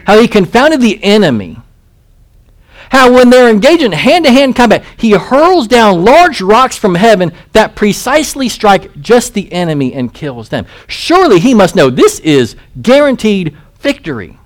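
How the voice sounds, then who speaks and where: A man's voice: high-pitched, big pitch swings, moderate pace. A male pastor giving an expository sermon, reading scripture aloud and putting rhetorical questions to his listeners.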